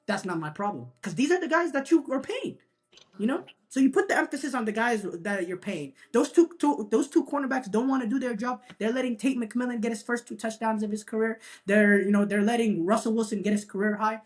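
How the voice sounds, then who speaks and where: A man's voice: high voice, brisk. A man co-hosting a sports talk show, making a long emphatic point and leaning on "you know" as he argues. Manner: emphatic, repeats himself, lots of "you know". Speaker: sports podcast co-host. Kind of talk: casual sports debate.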